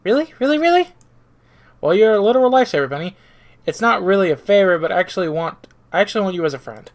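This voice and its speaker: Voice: mid-range voice, very animated, quick pace. A streamer voicing a cheerful, kind young female android girl while reading a visual novel aloud, eager and sweet. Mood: overjoyed.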